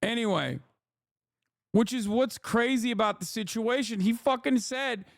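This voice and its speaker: A man's voice: sits high, animated, measured pace, creaky, no room sound. A man hosting a stream, ranting in casual commentary, profane, incredulous and mocking. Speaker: streamer host.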